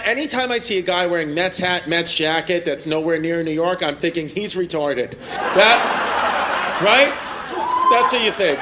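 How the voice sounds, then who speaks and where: Brash comedian working a noisy crowd. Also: male voice, a little high, pushed and bright. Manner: brash, teasing, crude banter with audience. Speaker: stand-up comedian. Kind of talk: crowd work stand-up. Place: crowded airport terminal venue. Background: crowd laughter and terminal ambience.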